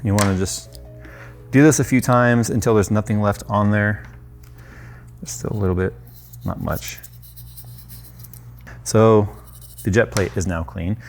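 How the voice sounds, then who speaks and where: A tech YouTuber in his thirties speaks in a fairly low, steady voice, unhurried and with long pauses, as he demonstrates a hands-on cleaning job at a workshop bench. Despite the slow pace he's chatty and loose, dropping self-deprecating jokes, with faint music in the background.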